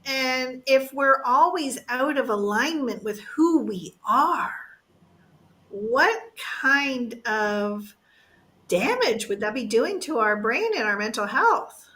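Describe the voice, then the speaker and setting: A woman's voice: sits high, expressive, slow pace, fairly bright tone. A woman hosting a talk show, asking her guests thoughtful questions. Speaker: host. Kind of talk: casual talk show conversation.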